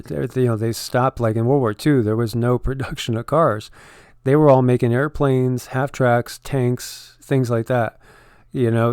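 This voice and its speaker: A man talks through the news in a loose, meandering way, leaning on "you know" as he goes. His voice is smooth and clear, recorded close and dry with no room sound. He sits at a middling pitch for a man. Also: a little mellow, no room sound. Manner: rambling, filled with "you know" and restarts. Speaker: channel co-host commenting on news. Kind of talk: casual commentary over on-screen news.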